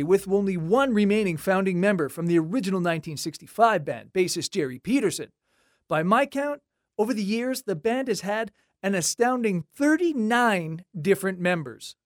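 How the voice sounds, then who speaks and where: With a mid-range voice, a host tells a scripted piece of music history in a casual, faintly wry manner, his delivery lively and animated. He is recorded close on a dry mic, and there is no room sound.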